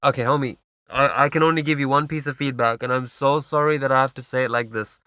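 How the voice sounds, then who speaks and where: In a dry recording with soft background music, this man talks fast in a clear, resonant, sharp voice of medium pitch and fairly even intonation. As a music feedback streamer, he offers casual, instructive mixing feedback on a track, humming beats and filling gaps with fillers.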